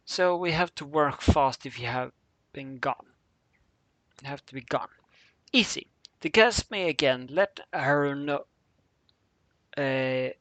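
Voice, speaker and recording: Man reading a calm, stern pony agent. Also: on the high side, dry recording.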